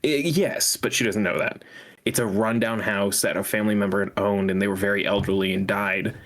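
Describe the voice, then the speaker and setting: A young man co-hosting a casual podcast chat, ranting with animation and dropping into mocking high-pitched impressions. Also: steady tone, fairly quick, fairly bright tone. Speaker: podcast co-host.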